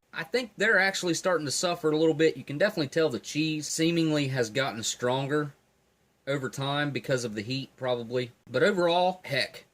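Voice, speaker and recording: A man giving a relaxed, enthusiastic tasting review of field rations, talking while he eats. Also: medium pitch. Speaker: food reviewer. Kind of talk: casual food review.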